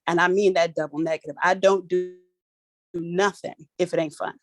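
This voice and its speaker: A middle-aged woman, hosting an online workshop in a playful, animated, colloquial way, talking into her phone on a video call. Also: on the low side, normal speed, soft background music. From Philadelphia, USA. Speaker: workshop host. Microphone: phone for audio on a video call.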